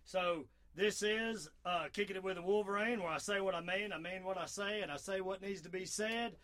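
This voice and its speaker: A man's voice: high voice, a little fast, a bit bright. A man with a Southern accent hosting a casual radio talk show, folksy and rambling, full of fillers. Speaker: host.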